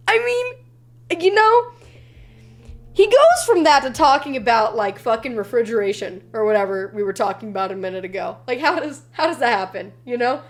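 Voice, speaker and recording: A young woman streamer chatting casually and telling stories, swearing freely and animated. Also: a little high. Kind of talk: casual live-stream chat.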